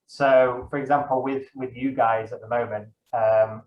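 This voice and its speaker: A young man talks casually as an interview guest, rambling and correcting himself as he goes. The room around him is echoey, and the sound is a bit dull and lo-fi. His pitch sits in an ordinary middle range. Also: little pitch movement, a little slow, a little hiss or hum. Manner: rambling, self-correcting, many fillers. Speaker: guest, dungeon master.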